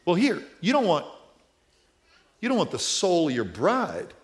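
A middle-aged man preaching to his congregation, talking casually one moment and hammering points home the next. His voice sits a little high and moves with lively, animated pitch. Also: measured pace, long pauses. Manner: conversational preaching that swells to forceful emphasis. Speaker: pastor. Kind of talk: sermon.

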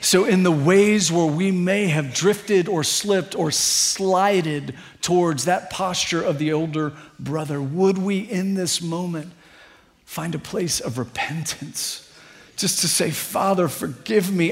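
A man's voice: sits high, takes it slowly. A middle-aged man preaching a sermon as pastor, earnest and building to fervent appeals.

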